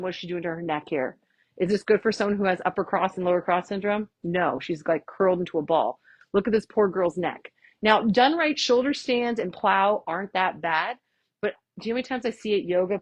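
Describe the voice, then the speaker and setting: A woman's voice: on the low side, no room sound. A woman chiropractor giving a workshop talk, sassy, blunt and fired-up, chatting casually with her audience. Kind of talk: live workshop lecture.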